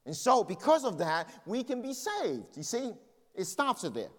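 Brief: male pastor, sermon voice, lively up-and-down delivery, slightly high, hall reverb. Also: moderate pace. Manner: conversational preaching with personal stories.

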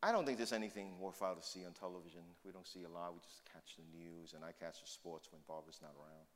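An older man preaching a sermon as a pastor, shifting between loud emphatic points and quiet asides. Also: low-pitched, fast talker, big-room sound, a little hiss or hum.

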